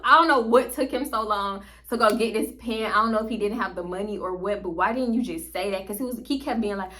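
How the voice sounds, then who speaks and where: Animated laughing woman telling a story. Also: mid-range voice, fast talker, hardly any pauses. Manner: animated, laughing often, slangy, talks straight to viewers. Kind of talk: casual storytime chat.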